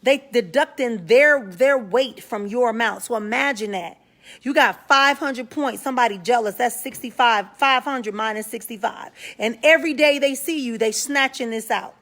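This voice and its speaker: A woman's voice: a little high, moderate pace, a bit bright. Frank, slangy woman hosting a live talk. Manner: frank, slangy, greets viewers by name mid-sentence. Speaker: spiritual talk show host. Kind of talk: casual live-stream talk to viewers.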